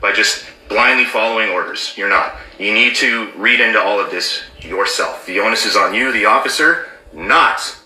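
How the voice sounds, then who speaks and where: A man with a lower-set voice gives emphatic commentary, leaning hard on key words. His tone is very bright and sharp. The sound carries a roomy echo. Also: normal speed, few pauses, slight background noise. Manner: emphatic, repeats key words, asks "okay?". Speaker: former border officer commentator. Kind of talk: explanatory commentary.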